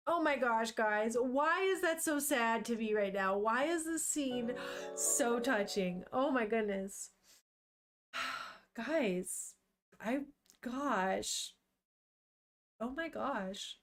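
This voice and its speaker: A woman's voice: fairly high pitch, animated, slow pace, pauses often, fairly bright tone. A young woman streamer chatting casually and emotionally while reading a comic aloud, swearing now and then. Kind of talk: casual live-stream commentary.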